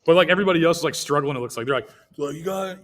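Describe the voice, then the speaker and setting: A man's voice: on the high side, rapid-fire. A man hosting a comedy podcast, telling rambling, profane stories in casual chat. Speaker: podcast host.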